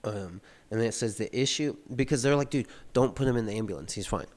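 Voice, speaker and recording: Speaking quickly in a fairly low, darkish voice, a man reads passages from a novel and then talks through them loosely. His casual commentary is peppered with "like" and other fillers.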